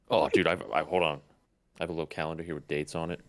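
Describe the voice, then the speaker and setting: A man co-hosting a podcast, chatting casually, swearing and getting excited. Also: very deep voice, quick pace, no room sound. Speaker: podcast co-host. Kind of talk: casual chat.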